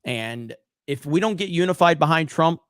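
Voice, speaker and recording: A man's voice: on the high side, animated, a bit bright. A male political streamer with a slightly raised voice argues heatedly and swears often. The sound is dry and close, with no room echo. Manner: heated, profane, rapid back-and-forth. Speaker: political commentary streamer host. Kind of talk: casual political commentary.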